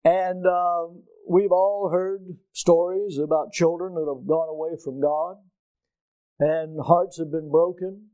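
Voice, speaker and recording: A middle-aged male pastor preaches with a mellow voice pitched a little high. He presses his points, asks the congregation questions, and surges loud when he drives a point home. The sound is close and dry. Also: steady tone, slow, clean tone, dry recording. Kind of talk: preaching a sermon.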